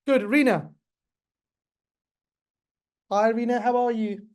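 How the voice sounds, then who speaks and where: A man's voice: extremely high pitch, fairly even intonation, takes it slowly, darkish tone, clean tone. A middle-aged man teaching pharmacists in an online webinar, chatty and repetitive, speaking straight to his class. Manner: chatty, repeats himself, addresses the class directly.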